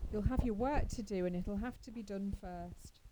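A woman reading aloud as a stern, practical older spinster who scolds briskly but is secretly fond. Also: medium pitch, noisy background, lightly acted. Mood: scolding. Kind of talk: audiobook character reading.

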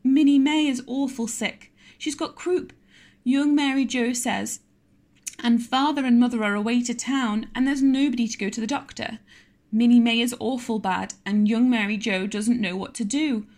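A frightened young girl pleads in a high, strained voice, breathless and close to tears. She sounds louder and higher than the storybook's plain narration, as a woman reader puts her on. The delivery stays urgent and tearful throughout. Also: steady tone, normal speed, lightly acted.

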